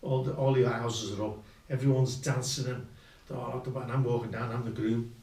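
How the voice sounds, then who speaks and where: A man's voice: medium pitch, little pitch movement, brisk, dark tone, slight background noise. An older man telling rambling, self-mocking stories from his youth as a guest musician. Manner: rambling anecdotal, self-mocking, with colloquial slang. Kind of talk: storytelling. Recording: roomy sound, distant mic.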